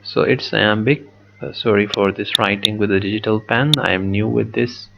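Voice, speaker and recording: A man teaching a poetry lesson, slow and methodical, repeating words as he writes on the screen. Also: on the low side, steady tone, gravelly, noisy background. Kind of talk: poetry lesson with a digital pen.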